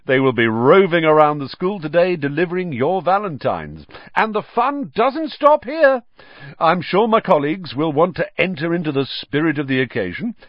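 A man's voice: on the high side, big pitch swings, normal speed, no room sound, lo-fi sound, voice pushed up. A man playing a gushing showy wizard teacher. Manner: gushing, theatrical. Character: vain flamboyant male wizard teacher, showy.

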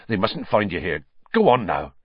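A man voicing a huge, gruff, kindly male groundskeeper in an audiobook, low, rough and urgent. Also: very animated, moderate pace, no echo, lo-fi sound.

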